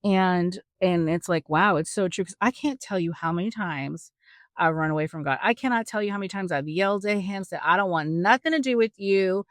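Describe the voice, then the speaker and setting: A woman podcast host with a fairly low voice talks through a Bible story in a chatty, animated way. She throws in jokey asides to her listeners. The recording is dry and close, with no room sound. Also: fairly quick, no echo. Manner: chatty and animated, acts out quotes with big voice swings. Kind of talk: casual Bible teaching.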